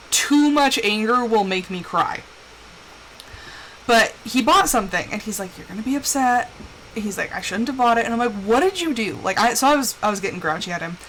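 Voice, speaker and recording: A woman's voice: fairly high pitch, fairly bright tone, a little hiss or hum, rough recording. A young woman chatting candidly while live-streaming a game, acting out quoted voices as she tells stories. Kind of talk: casual chat while gaming.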